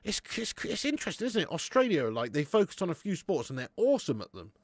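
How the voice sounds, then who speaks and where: A young man hosting a live football watch-along, chatting with viewers, laughing often and swearing freely when excited. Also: fairly high pitch, fast, no room sound. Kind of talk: live match commentary and chat with viewers.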